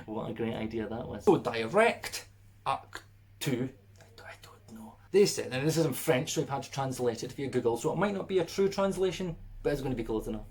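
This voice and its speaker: A musician in a casual vlog, sarcastic, laughing and swearing. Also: male voice, medium pitch, expressive, a little fast.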